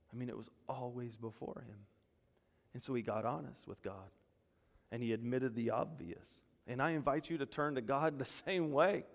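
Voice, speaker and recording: Male pastor, mid pitch, emphatic preaching in a church hall with long reverb. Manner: animated preaching, rising loud when voicing God's words. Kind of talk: sermon.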